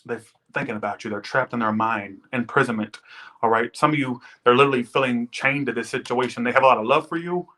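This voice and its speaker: A man's voice: medium pitch, fast talker, bright, forceful tone. Rambling, chatty male tarot reader. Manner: rambling, chatty, swears casually. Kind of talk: casual live tarot reading. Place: Las Vegas.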